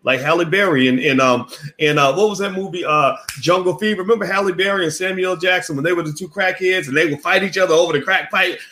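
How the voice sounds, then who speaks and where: A man's voice: sits high, fast, sharp tone. Blunt, profane man ranting to camera. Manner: repetitive, rhetorical, challenges the listener. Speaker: finance commentator. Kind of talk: direct-to-camera opinion rant.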